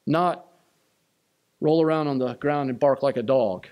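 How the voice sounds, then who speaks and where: A man's voice: mid-range voice, measured pace, muffled recording. A man preaching a sermon as pastor of his church, emphatic and repeating key lines. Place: church sanctuary.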